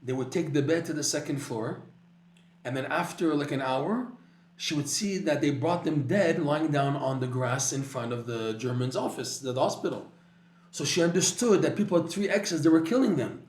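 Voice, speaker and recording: A man's voice: a little high, expressive, moderate pace, a little mellow, roomy sound. A man teaching a Torah class, telling a story animatedly with frequent restarts and repeated words.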